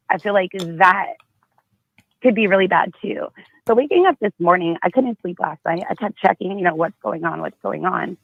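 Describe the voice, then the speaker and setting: A woman's voice: medium pitch, vocal fry, dry recording, narrow, tinny audio. A woman calling in to a talk show, speaking hesitantly with worry and frequent restarts. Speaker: caller. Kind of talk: phone call-in chat.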